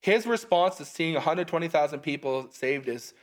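A man with a high voice preaching in a relaxed, conversational way. He reads the scripture aloud, then stops to explain it in everyday terms, with a few asides. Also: normal speed, hardly any pauses. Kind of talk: casual sermon reading scripture.

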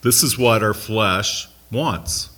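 A man's voice: on the low side, takes it slowly, bright, forceful tone, slightly rough. An American man leading a Bible study class in a conversational way, asking the group questions and making light asides. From United States.

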